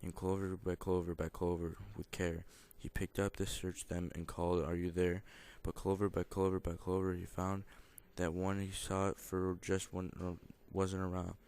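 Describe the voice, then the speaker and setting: A man's voice: deep voice, completely flat delivery, normal speed, hardly any pauses, darkish tone, clear, resonant tone. A young man reading a children's picture book aloud, in a plain, mostly unvoiced way with small stumbles and self-corrections. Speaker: student reader.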